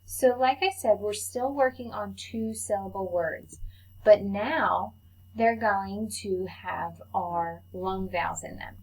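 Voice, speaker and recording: A woman teaches a phonics lesson to young children at an unhurried pace. She sounds out each letter and syllable with patient, careful enunciation, and her voice sits at a middle pitch. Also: darkish tone, poor audio. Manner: slow, patient, clearly enunciated teacher talk.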